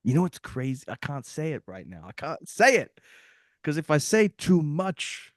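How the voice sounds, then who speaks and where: A man's voice: fairly high pitch, sing-song, normal speed, dry recording, studio quality. A young man from Australia and Bosnia, with a mixed Australian and Bosnian accent, chatting as a guest musician and rambling, often checking that he makes sense. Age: young adult. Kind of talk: casual interview chat.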